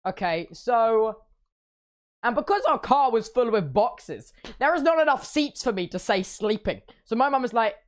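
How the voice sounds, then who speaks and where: A man's voice: extremely high pitch, expressive, normal speed. A young man streaming, telling a playful, exaggerated story and slipping into silly voices.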